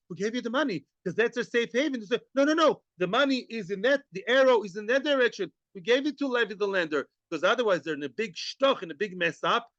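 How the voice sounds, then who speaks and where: A man giving a daily Talmud lecture, animated and acting out quoted claims, with Yiddish and Hebrew terms. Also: high voice, no echo, muffled recording. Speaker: Talmud teacher.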